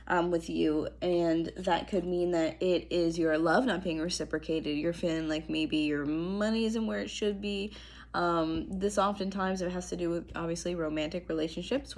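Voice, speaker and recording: A young woman giving a casual tarot reading to camera. Her throat is strained and she talks in a chatty, relaxed way, clearing her throat often. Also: lowish voice. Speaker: tarot reader. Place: apartment room indoors.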